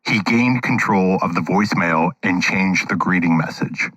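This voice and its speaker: A man's voice: low voice, normal speed, a bit bright, slightly rough, no room sound. A man narrating a documentary-style radio story in a wry, dramatic manner.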